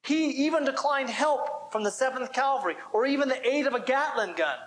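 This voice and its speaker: A man's voice: very high voice, animated, fairly quick, fairly bright tone. A man giving a church sermon as pastor, preaching with emphasis and asking the listeners direct questions. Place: church service.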